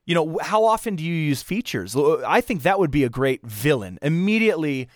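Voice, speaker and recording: A man in a casual podcast chat, talking haltingly with many restarts and fillers. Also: a little high, sing-song, no echo, studio quality. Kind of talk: casual chat about voicing game characters.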